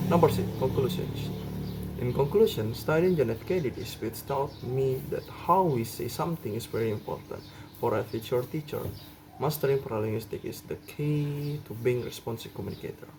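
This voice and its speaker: A young man, a student whose first language is Indonesian, reading a prepared class presentation point by point with pauses and restarts. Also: mid-range voice, noisy background. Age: young adult.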